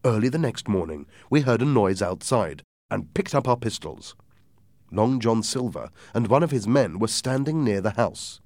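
A man's voice: lowish voice, lively intonation, normal speed, a little mellow, no echo, clean studio sound. A man reading a story aloud as audiobook narration, giving each character a voice.

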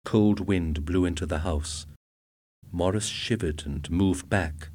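Deep-voiced man reading a story. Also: slow pace, a little mellow, no room sound. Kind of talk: audiobook narration.

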